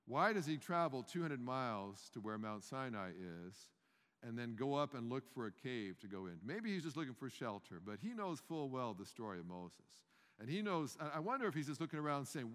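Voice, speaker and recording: A man's voice: medium pitch, very animated, moderate pace, fairly bright tone. A man preaches a sermon in an easy, conversational way, stopping to ask his listeners questions and circling back over his own words. His voice sits in the middle range. The sound carries the long reverb of a large hall. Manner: conversational, restarts, rhetorical questions to the congregation.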